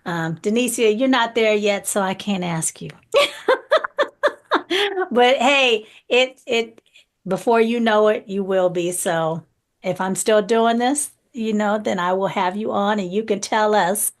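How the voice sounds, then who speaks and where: A woman's voice: mid-range voice, unhurried. A woman hosting a talk show, chatting with her guests and thanking them. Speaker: host.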